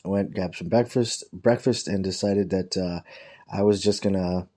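A deep, warm male voice with a steady tone moves at normal speed through a casual, swearing-heavy story from the workplace. It rambles, and he imitates his coworkers mockingly whenever he quotes them.

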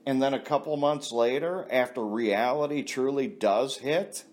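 A man's voice: medium pitch, unhurried, a little mellow. A man delivering a casual, blunt ranting monologue, heavy on swearing and laughing at his own stories. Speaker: vlogger.

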